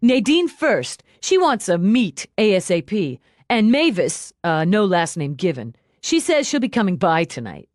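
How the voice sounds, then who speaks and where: A woman voicing a cocky, excitable young male detective who talks in a breezy, cheeky way. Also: medium pitch, a little slow, few pauses, dry recording, clean studio sound.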